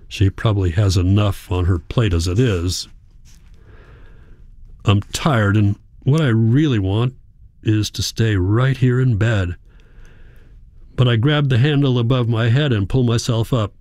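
A man reading a first-person story in a quiet, measured narration. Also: medium pitch, dry recording, clean studio sound. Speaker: audiobook narrator.

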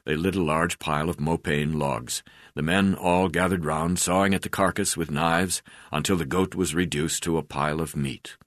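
A man reading his memoir aloud, in a halting way with frequent hesitations. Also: rumbling low, steady tone, a bit bright, no echo, studio quality. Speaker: memoir narrator.

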